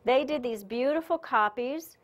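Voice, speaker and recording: Woman lecturer, a bit higher voice, lively storyteller who laughs easily, speaking to a conference room. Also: normal speed. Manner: chatty, animated storyteller who laughs often. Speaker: spiritual teacher giving a lecture.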